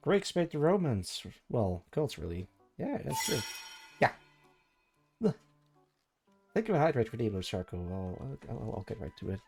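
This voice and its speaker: A man's voice: medium pitch, very animated, normal speed, vocal fry, long pauses, a little mellow, husky, faint music behind. A man streaming live, chatting casually and thinking aloud as he rambles through tangents with his viewers.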